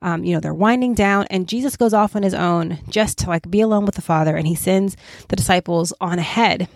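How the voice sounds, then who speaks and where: A woman's voice: on the low side, fairly quick, dry recording. Chatty woman teaching a Bible study. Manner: conversational, many "right?" asides, animated quoting. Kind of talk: casual Bible study talk.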